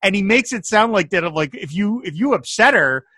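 Guy hosting a podcast, bright higher voice, dry close sound, gets animated doing the quotes. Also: brisk, slightly rough, dry recording. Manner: animated storyteller, acts out quotes. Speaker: podcast host. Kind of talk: casual chat.

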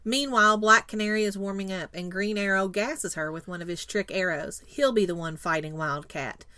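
A woman's voice: medium pitch, normal speed, bright, forceful tone, dry recording. A woman co-hosting a podcast, introducing a guest playfully and reading an episode plot summary. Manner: teasing, playful. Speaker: podcast co-host. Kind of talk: casual chat and scripted episode recap.

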